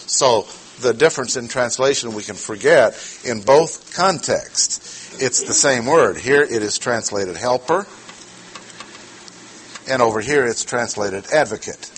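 Slow, deliberate male Bible teacher. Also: mid-range voice, slight background noise. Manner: slow and deliberate, repeating key words. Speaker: preacher.

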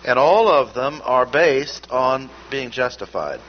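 Male Bible teacher, mid-pitched, emphatic and deliberate, dull lo-fi recording. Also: expressive. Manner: measured, emphatic, repeats key words. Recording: dull lo-fi recording with faint noise.

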